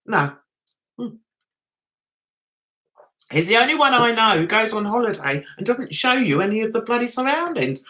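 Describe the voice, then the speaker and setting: Animated, chatty London woman. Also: a little high, moderate pace. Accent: London with a touch of Essex. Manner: chatty, sarcastic, teasing. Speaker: livestream host. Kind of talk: casual live chat with viewers.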